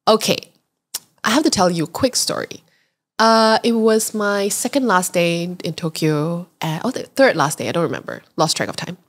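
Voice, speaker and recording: Malaysian woman, podcast co-host, casual and animated storyteller. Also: fairly low pitch, normal speed. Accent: Malaysian English. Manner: lively storyteller who acts out quoted voices.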